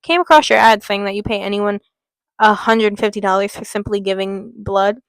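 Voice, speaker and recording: A woman's voice: medium pitch, fairly even intonation, normal speed, no echo, close to an everyday voice, low-quality recording. A woman voicing a chatty, easygoing young woman with a put-on Texan drawl.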